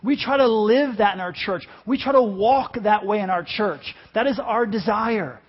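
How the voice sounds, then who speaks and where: A man's voice: sits high, moderate pace, breathy edge, lo-fi sound. A man preaching a sermon as pastor, impassioned and emphatic, repeating phrases for force.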